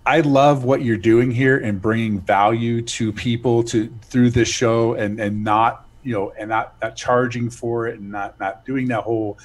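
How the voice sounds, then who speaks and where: A man being interviewed as a guest, speaking in a halting way and repeating words as he restarts. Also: medium pitch, fairly even intonation. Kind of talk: casual interview talk.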